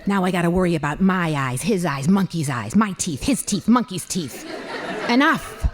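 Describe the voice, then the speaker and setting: A woman in her fifties telling a comic personal story to an audience, animated and full of disbelief. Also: fairly low pitch, moderate pace, noisy background. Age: 50s.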